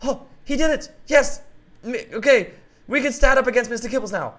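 A man hosting a game roleplay who talks excitably and keeps yelling out names and exclamations. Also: extremely high pitch, moderate pace.

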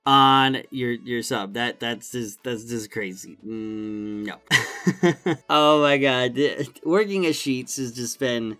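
A young man telling a story-time vlog, animated and acting out his customers with sudden shouts. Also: medium pitch, takes it slowly. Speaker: vlogger.

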